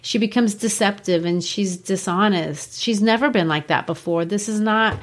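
A woman co-hosting a casual book discussion, chatty and animated, often laughing. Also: medium pitch, normal speed. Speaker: book podcast co-host.

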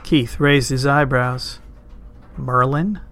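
A man narrating a storybook in a measured, lightly wry way. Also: fairly high pitch, fairly even intonation, fairly bright tone, clear, resonant tone. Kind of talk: storybook reading.

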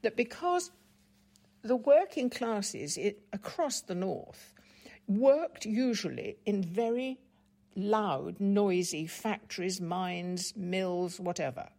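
An older woman, reflecting on her life at an articulate, measured pace in an interview. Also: medium pitch, expressive, warm tone. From England, Stockport. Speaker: guest, broadcaster.

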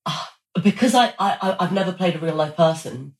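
A young woman, an actress, chatting in an interview in an animated way, with quick restarts and acted-out quotes. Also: fairly low pitch. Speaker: actress guest. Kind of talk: casual interview chat. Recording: echoey room.

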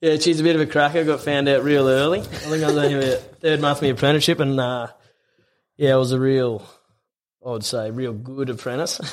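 A young tradesman speaks in a fairly high voice as a podcast guest. He tells a story in a relaxed, unhurried way and chuckles along as he goes. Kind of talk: casual storytelling.

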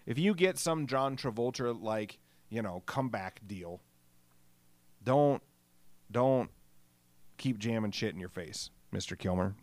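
A man's voice: fairly low pitch, normal speed, no echo. A middle-aged man hosting a solo podcast, rambling casually, swearing freely and joking about himself. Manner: rambling, profane, self-deprecating. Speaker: podcast host.

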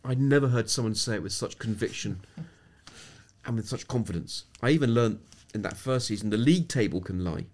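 A man's voice: on the low side, lively intonation, a little fast, a little mellow. A middle-aged man from England, a sports psychologist speaking as a podcast guest, reflective and anecdotal, often restarting his sentences. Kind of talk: podcast interview storytelling.

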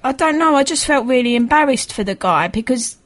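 A woman's voice: sits high, animated, brisk. Chatty female radio co-host. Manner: chatty, laughing, hesitant. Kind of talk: casual radio chat, reading emails.

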